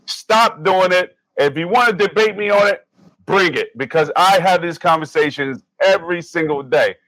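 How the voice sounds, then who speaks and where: A man's voice: high voice, moderate pace, fairly bright tone, dry recording, rough recording. A man in his forties co-hosting a sports podcast, ranting in an angry, profane, emphatic way. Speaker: podcast co-host. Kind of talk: heated sports podcast rant.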